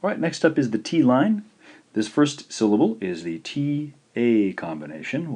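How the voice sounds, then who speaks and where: A man teaching in a recorded video lesson, patient and slow, saying each syllable out clearly. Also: mid-range voice, big pitch swings, darkish tone. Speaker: language teacher.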